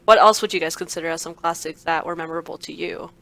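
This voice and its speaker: A woman's voice: on the low side, steady tone, fast, a bit bright. A woman co-hosting a podcast in casual chat, agreeable and steering the talk with questions. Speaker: podcast co-host.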